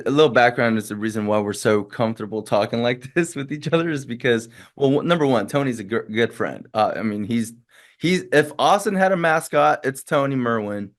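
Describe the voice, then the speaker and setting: A man's voice: medium pitch, lively intonation, moderate pace. A man hosting a casual podcast, speaking in a friendly, rambling way with frequent restarts. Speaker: podcast host.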